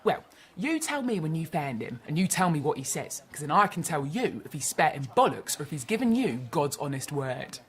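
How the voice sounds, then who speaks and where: A cheeky ghost maid. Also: female voice, low-pitched, sing-song, fairly quick, few pauses. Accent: Cockney. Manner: cheeky, scornful, chatty. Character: sly ghost of a London maid, woman. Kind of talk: audio drama acting.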